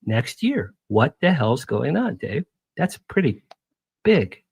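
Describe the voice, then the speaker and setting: Rambling gravelly-voiced man on talk radio. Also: medium pitch, very animated, slow pace, no echo. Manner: rambling, jumps between topics. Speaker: guest publicist. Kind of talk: casual radio interview chat.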